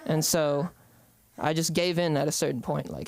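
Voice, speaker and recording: A man's voice: fairly high pitch, steady tone, moderate pace, gravelly. A young man from the Bay Area doing open-mic stand-up, rambling with lots of ums and hesitations. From San Francisco Bay Area. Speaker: stand-up comedian.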